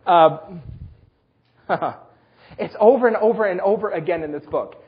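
Husky-voiced man preaching a sermon. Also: high-pitched, unhurried, phone-quality sound. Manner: storytelling with self-deprecating humor. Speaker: pastor.

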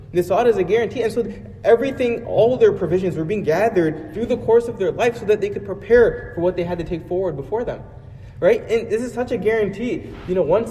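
Earnest preacher in an echoing hall. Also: male voice, a little high, dark tone, slight background noise. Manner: earnest, many fillers and repeated phrases. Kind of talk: Islamic sermon.

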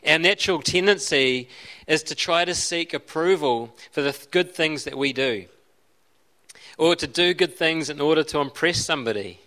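A pastor delivers a sermon in a conversational way, his voice a little high, pushed and bright at a normal speed. He keeps restarting sentences and breaking off into asides.

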